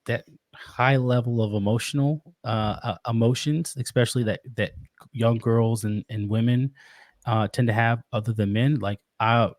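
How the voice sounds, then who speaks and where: A man talking as a podcast guest about being a father, earnest and reflective, often pausing and restarting his sentences. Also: medium pitch, fairly even intonation, no echo. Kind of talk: casual interview.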